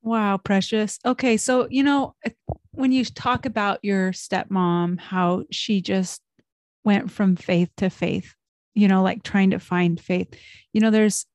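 A woman interviewer asking gentle, probing questions. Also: medium pitch, fairly even intonation, takes it slowly, no room sound.

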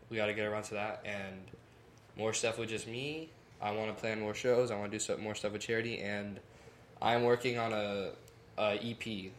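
A young man, a musician guest, chatting casually and rambling on a podcast, laughing often. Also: fairly low pitch. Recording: echoey room, faint noise.

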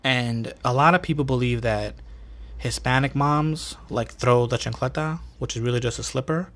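A man hosting a podcast, telling stories in a casual, animated and profane way full of slang. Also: mid-range voice, moderate pace. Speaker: podcast host. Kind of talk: casual storytelling.

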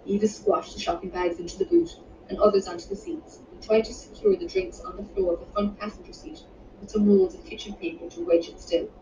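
A woman reading her own romance novel aloud in a measured, unhurried way, with the odd small restart. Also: mid-range voice, expressive, warm tone. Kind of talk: audiobook narration. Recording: roomy, distant, muffled home recording with background noise.

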